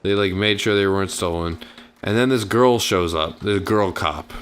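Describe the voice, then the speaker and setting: Low-voiced man rambling through a story. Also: normal speed, fairly bright tone, slight background noise. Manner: rambling, filler-heavy, acts out quotes. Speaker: gaming channel host. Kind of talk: casual storytelling over gameplay.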